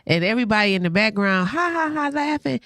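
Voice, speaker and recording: A woman hosting a radio talk show, spinning casual stories with plenty of laughter. She jumps into different voices as she quotes people, which keeps it animated. The sound is dry and close, with no room echo. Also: fairly high pitch, fast talker. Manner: animated storyteller who acts out quoted voices; laughs often while talking. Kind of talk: casual radio interview chat. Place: radio studio.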